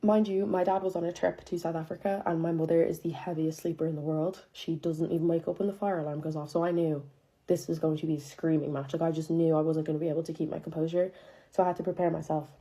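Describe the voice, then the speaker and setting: Young woman, casual storytime, low mellow voice, profane and chatty, dramatic disbelief. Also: fairly even intonation, fast talker. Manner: profane, chatty, heavy use of filler "like"; incredulous, dramatic retelling.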